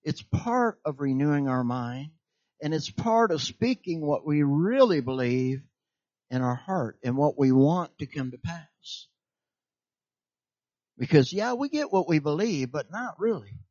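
High-voiced preacher, emphatic call-and-response. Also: male voice, animated, measured pace, darkish tone, no room sound, muffled recording. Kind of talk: sermon.

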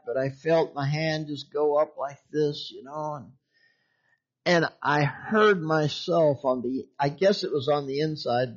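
A man's voice: fairly high pitch, a little mellow. Chuckling preacher man, muffled recording. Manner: storytelling, chuckling often, folksy. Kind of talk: sermon testimony.

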